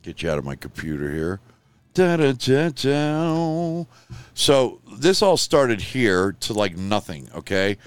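An older man hosting his own show, ranting in casual talk and swearing freely, dropping to a mutter and then flaring up loud. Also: mid-range voice, very animated, takes it slowly, clear, resonant tone, dry recording. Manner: profane, rambling, swings from mutter to loud outburst. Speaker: show host.

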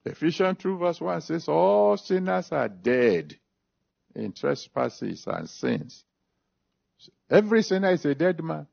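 This gravelly male voice, breathy at the edges and swinging widely in pitch, belongs to a preacher giving a sermon. He reads scripture, then issues an altar call and prays, speaking emphatically in slow, drawn-out phrases. The recording sounds dull and lo-fi.

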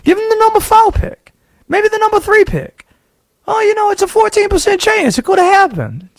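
A man's voice: extremely high pitch, sing-song, no room sound, clean studio sound, voice pushed up, full character voice. A man putting on a sly Southern-drawled conspiracy host. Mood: scheming. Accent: put-on Southern. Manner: sly, insinuating, rapid asides. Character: scheming male conspiracy-theorist radio host with a put-on drawl. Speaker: sports talk host. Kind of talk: sports talk radio bit.

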